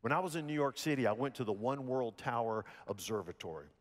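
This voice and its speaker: A man with a Southern American accent from Alabama, preaching a sermon in a folksy storytelling manner with lively voiced quotes. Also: medium pitch, fast, big-room sound. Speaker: pastor. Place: church sanctuary.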